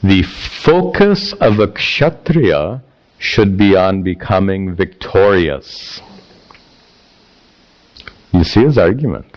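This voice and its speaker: Slow, lively male scripture teacher. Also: low voice. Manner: animated, playful, acts out the text. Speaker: spiritual teacher. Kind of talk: scripture class lecture. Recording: dull lo-fi recording.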